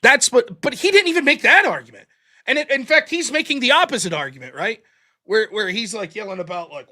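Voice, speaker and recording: A man's voice: extremely high pitch, brisk. A man hosting a show, recapping his own debate in a casual, mocking way, often quoting his opponent. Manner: animated, mocking, quotes opponents in put-on voices.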